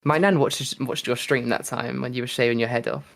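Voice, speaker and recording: A man from the United Kingdom co-hosting a casual podcast. He rambles from one thought to the next, quick and full of fillers, with an easy middle-pitched voice. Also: steady tone, vocal fry, fairly bright tone. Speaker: podcast host. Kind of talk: casual chat.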